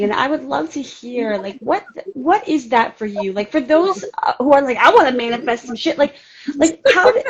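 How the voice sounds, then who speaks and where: A woman's voice: high voice, dull audio. A woman hosting a casual interview, encouraging and supportive toward her guest. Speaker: host.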